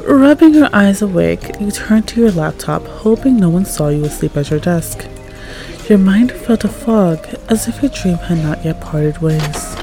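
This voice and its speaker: A woman reading second-person fanfiction aloud in a soft, calm voice that sometimes drops near a whisper. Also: on the low side, a little slow, over music. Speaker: fanfic reader.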